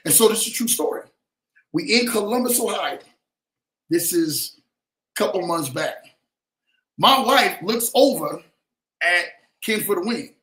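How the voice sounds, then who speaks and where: High-voiced man telling stories in a roomy echo. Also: a little slow, pauses often. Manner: animated, repetitive, keeps checking in with listeners. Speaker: show host. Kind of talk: casual livestream storytelling and advice.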